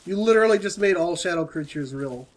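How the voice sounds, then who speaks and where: Slightly high-voiced man asking questions. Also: animated, quick pace. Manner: asks questions, reacts plainly. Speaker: gamer. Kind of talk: casual gaming chat.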